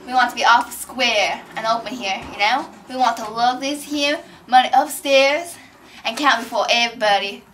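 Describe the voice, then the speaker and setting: A woman's voice: fairly high pitch, moderate pace, bright, forceful tone, a little hiss or hum. A girl playing a pompous old swindler. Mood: scheming. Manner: folksy, pompous speechifying. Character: greedy old male con man posing as a grieving brother. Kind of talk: amateur drama reading.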